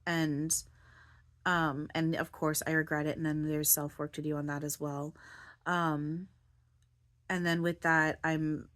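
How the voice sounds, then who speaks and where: Low-voiced woman rambling about her feelings. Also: flat delivery, unhurried, a bit bright. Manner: rambling, full of "like" and "you know", restarts often. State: near tears, voice breaking. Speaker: spiritual channeler and vlogger. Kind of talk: rambling personal monologue.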